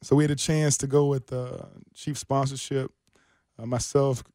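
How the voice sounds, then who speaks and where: A man's voice: mid-range voice, flat delivery, moderate pace, dark tone, no echo, clean studio sound. A man co-hosting a sports radio show, chatting casually in a laid-back, rambling way with many restarts. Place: radio studio.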